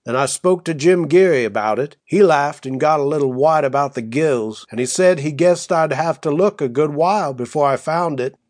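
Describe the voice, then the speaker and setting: A man's voice: fairly high pitch, normal speed, hardly any pauses, a little mellow, dry recording, studio quality, close to an everyday voice. A man reading an audiobook, voicing a folksy young frontier husband who talks in a rustic drawl and coaxes his wife with a homespun tale. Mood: yarn-spinning. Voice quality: rustic drawl with dropped endings. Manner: coaxing, homespun storytelling.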